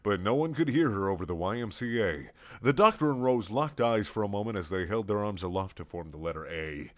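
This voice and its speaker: A man's voice: lowish voice, lively intonation, brisk, fairly bright tone. A man reading a playful fan story aloud as narrator. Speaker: reader.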